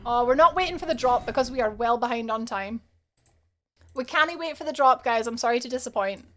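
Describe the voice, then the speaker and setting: A woman's voice: a little high, lively intonation, brisk, fairly bright tone. A young Scottish woman streaming a game live, chatting and laughing with her viewers. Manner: chatty, giggly, reads chat aloud. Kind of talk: live gameplay stream chat.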